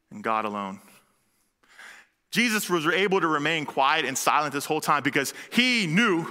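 A man preaches a sermon in an animated, conversational manner. His voice sits high with a sharply bright edge, and a long hall reverb trails his words.

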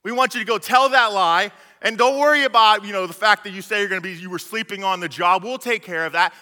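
A man voicing a scheming male priest who bribes guards, in a hurried, coaxing tone. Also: high voice, bright, forceful tone. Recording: long hall reverb.

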